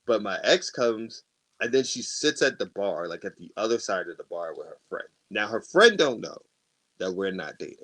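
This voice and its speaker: A man's voice: fairly low pitch, sing-song, normal speed, a bit bright. A man co-hosting a podcast, telling a story in casual chat with lots of profanity and laughter. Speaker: podcast co-host.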